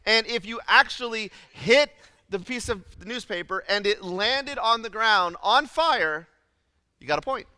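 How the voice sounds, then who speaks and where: Animated bright-voiced pastor telling a story. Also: male voice, sits high, measured pace, clear, resonant tone, no room sound, long reverb tail. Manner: animated, self-deprecating storytelling with many fillers. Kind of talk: storytelling sermon. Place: church auditorium.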